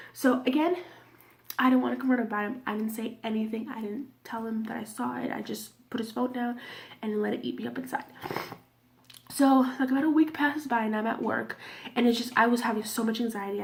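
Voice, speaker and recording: This vlogger, a woman in her twenties, speaks candidly to camera about something personal, cursing often and at times sinking nearly to a whisper. She has a fairly high voice with vocal fry, and there's a little hiss or hum in the recording.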